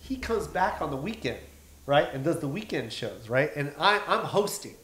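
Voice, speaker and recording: Male stand-up guest, animated raconteur, slightly high voice, roomy echoey sound. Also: normal speed. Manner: animated, acts out quotes, frequent swearing. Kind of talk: casual podcast storytelling. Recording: echoey room.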